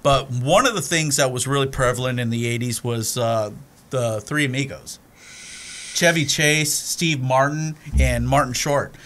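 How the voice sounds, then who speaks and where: A man's voice: mid-range voice, unhurried. A man co-hosting a podcast, chatting casually and acting out movie scenes with put-on voices. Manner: animated storyteller, acts out movie scenes. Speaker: podcast co-host. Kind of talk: casual chat.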